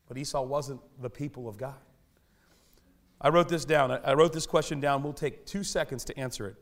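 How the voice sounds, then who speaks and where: A man delivers a sermon in a church, his voice sitting a little higher than most. He preaches in a lively, conversational way, often joking at his own expense. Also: normal speed. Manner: animated, conversational preaching with self-deprecating humor. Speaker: pastor. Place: church sanctuary.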